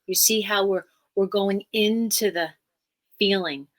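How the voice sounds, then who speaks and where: A woman at a middle pitch speaks as a therapist guest on a podcast. She explains earnestly, like someone used to teaching. She stresses her points and comes back to key phrases. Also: fairly even intonation, measured pace.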